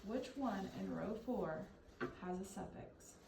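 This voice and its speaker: A woman's voice: medium pitch, slow, creaky, noisy background. A woman tutoring a child one-on-one in reading, patient and encouraging, coaxing answers out of him. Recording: echoey room, mic at a distance.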